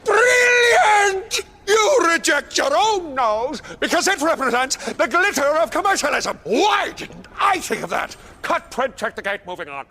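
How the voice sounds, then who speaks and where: A frantic green grump bossing a film set. The voice is sky-high and piercing, swinging wildly and shouting. A faint hiss sits behind it. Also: male voice, big pitch swings, unhurried, exaggerated voice. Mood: manic. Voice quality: shrill, shouting. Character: Grinch as manic director, male, shrill and theatrical. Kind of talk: movie impression.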